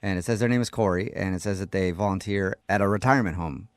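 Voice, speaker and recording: A man's voice: low-pitched, quick pace, smooth, dry recording. Male morning-radio co-host, playful teasing delivery, close dry mic. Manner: playful, teasing, deadpan jokes. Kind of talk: joking morning radio banter. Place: radio studio.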